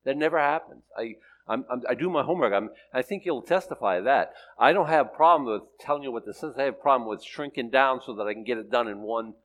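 A man's voice: medium pitch, fast talker, low-quality recording. An older man teaching the Bible, reading scripture solemnly and then telling a story with many restarts. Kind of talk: sermon and storytelling.

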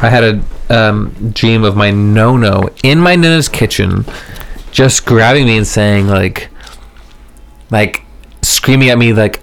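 A man's voice: on the low side, slow pace, vocal fry, clear, resonant tone. A man telling a long story in casual podcast chat, rambling and full of fillers, swearing casually.

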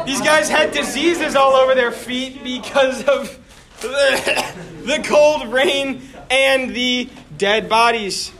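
A male teacher giving a joking, animated history lesson to a class, acting out little quotes as he goes. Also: extremely high pitch, slow, crowd noise.

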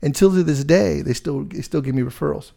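A middle-aged man, a real estate agent, telling a story in casual chat, rambling and animated with lots of fillers. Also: on the high side, fairly quick, vocal fry.

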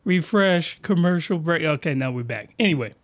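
A man with a slightly high voice and lively intonation delivers a crude, rambling comedy review at a moderate pace. His rough-edged talk is packed with fillers and asides.

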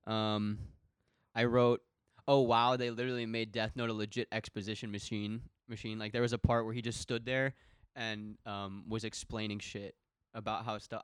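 A man co-hosting a podcast in casual chat, animated and ranting, swearing often. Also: fairly low pitch, clean tone, dry recording, studio quality. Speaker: podcast co-host.

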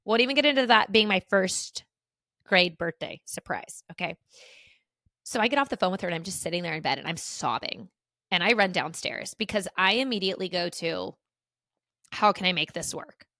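A woman's voice: on the low side, expressive, brisk, sharp tone, no room sound, studio quality. A woman in her thirties hosting a podcast, telling a story in a chatty, rambling way with many fillers. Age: 30s. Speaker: podcast host. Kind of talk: casual storytelling chat.

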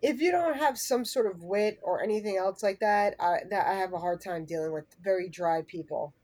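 A woman's voice: medium pitch, moderate pace, a little mellow, no echo. A woman co-hosting a casual chat, frank and opinionated, who swears now and then.

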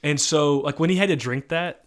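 A man's voice: fairly high pitch, normal speed. Rambling young man telling stories. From Missouri. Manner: rambling, storytelling, laughs often. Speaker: podcast host. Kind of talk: casual chat.

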